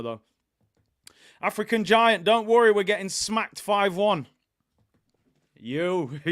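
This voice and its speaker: A man with a London accent hosts a casual live watch-along, talking in an animated, chatty way as he reads viewer comments aloud. His voice sits a little higher than most men's. The sound is dry, with no room echo. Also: clean tone. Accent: London English. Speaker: host.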